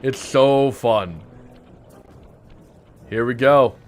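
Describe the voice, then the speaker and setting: A man's voice: mid-range voice, drawn-out words, a little hiss or hum. Playful man joking over gameplay. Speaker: gaming video host. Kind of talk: let's play commentary.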